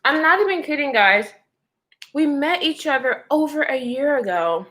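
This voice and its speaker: A woman with a high, bright voice tells a personal story to her live chat, her pitch swinging up and down as she goes. She talks loosely and chattily, calling her viewers girl and y'all and answering their comments along the way. The pitch leaps and lively rhythm keep the delivery animated. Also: moderate pace. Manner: animated, with frequent laughter. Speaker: livestreamer.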